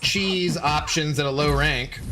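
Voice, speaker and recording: A young man streaming a game, chatting casually and jokingly with his viewers as he plays. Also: fairly high pitch. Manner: chatty, rambling, joking with chat.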